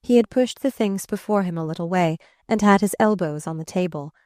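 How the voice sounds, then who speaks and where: A woman reads a classic novel aloud in a measured, expressive audiobook style. Her voice sits somewhat low, and the recording is dry and close, with no room sound. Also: no echo. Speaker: audiobook narrator.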